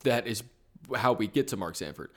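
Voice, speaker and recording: A man's voice: on the low side, lively intonation, normal speed, a bit bright. A man co-hosting a casual podcast, recapping a TV episode with profane jokes and frequent laughs. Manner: joking, profane, laughs often. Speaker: podcast co-host.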